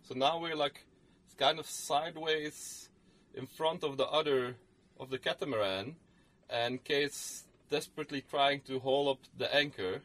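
A man's voice: medium pitch, unhurried, a bit bright. A man co-hosting a podcast, telling a story in casual chat, rambling with many fillers and restarts. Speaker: podcast co-host.

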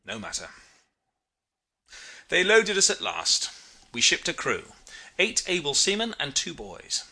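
A man reads a literary story aloud with a very bright, sharp tone. His delivery is expressive and reflective, shifting pitch to bring scenes to life. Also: measured pace, husky. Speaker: narrator. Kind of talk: audiobook reading of a literary story.

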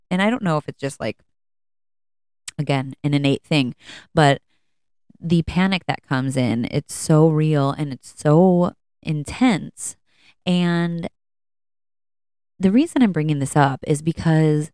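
A woman's voice: sits low, animated, unhurried, gravelly, darkish tone, dry recording, studio quality. A woman hosting a podcast from home, talking candidly and casually with lots of fillers and restarts. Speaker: podcast host. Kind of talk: casual personal talk.

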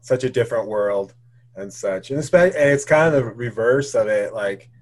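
A man from Wyoming hosting a casual podcast chat, relaxed and easygoing. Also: mid-range voice, moderate pace. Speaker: podcast host.

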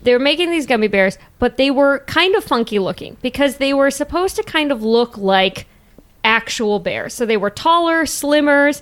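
A woman's voice: high voice, lively intonation, moderate pace, a bit bright. A woman co-hosting a podcast, casually telling a history in a chatty way. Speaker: podcast co-host.

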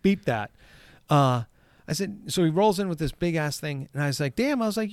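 Profane, animated male storyteller. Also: fairly high pitch, fairly quick, no room sound. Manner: profane, animated, acts out shouted quotes. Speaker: golf course superintendent. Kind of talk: casual storytelling.

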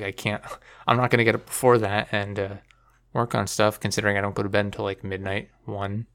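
A man hosting a casual podcast chat, rambling and telling dark jokes with a straight face. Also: on the low side, creaky. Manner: rambling, deadpan dark joking. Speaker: podcast host and editor.

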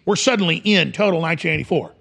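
A man's voice: a little high, expressive, racing, vocal fry, fairly bright tone. A middle-aged man hosting a talk radio show, delivering an impassioned, ranting monologue.

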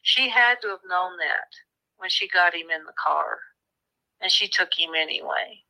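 A woman's voice: lowish voice, measured pace, creaky, sharp tone, low-quality recording. A woman, a true crime author, recounting a case in an interview with vivid retelling and small restarts. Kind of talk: storytelling interview.

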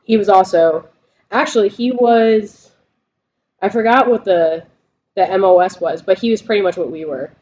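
A woman's voice: medium pitch, moderate pace, darkish tone. A woman co-hosting a casual veterans' podcast, telling stories with lots of swearing and laughter. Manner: profane, laughing storyteller. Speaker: podcast co-host, Marine veteran. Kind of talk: casual chat. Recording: dull lo-fi sound.

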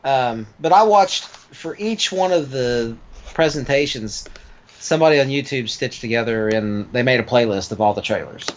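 A man's voice: mid-range voice, expressive, normal speed, highs cut off, a little hiss or hum. A man chatting easily about video games, hedging his points and cursing mildly. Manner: easygoing, hedging, mild cursing. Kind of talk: casual gaming chat.

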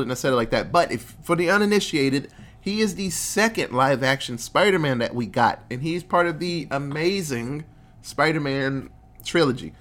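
Lively, animated man in casual chat. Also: normal speed. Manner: animated, profane, acts out characters with big pitch jumps. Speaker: podcast co-host. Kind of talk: casual movie review chat.

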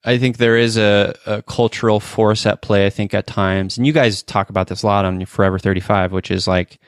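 A man's voice: fairly low pitch, steady tone, brisk, no room sound, clean studio sound. A man of forty hosting a casual interview, talking earnestly with frequent restarts and fillers. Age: 40s. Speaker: podcast host.

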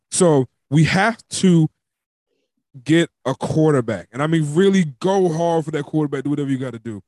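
A man's voice: darkish tone, dry recording, clean studio sound. A man hosting a casual sports podcast, chatty and loose, laughing and filling with "um" and "like". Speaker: podcast host. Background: dog squeaking a toy.

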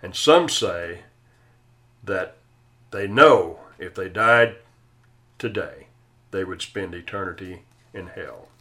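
A male chaplain telling a sermon story in an earnest voice, slowing down and going quiet on key phrases. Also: low voice, animated.

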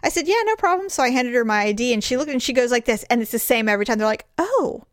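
A middle-aged woman co-hosting a podcast, telling funny stories with lots of laughter and squeaky acted-out quotes. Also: very fast, no room sound, studio quality. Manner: laughs often, acts out quotes in high chirpy voices. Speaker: podcast co-host. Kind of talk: casual chat.

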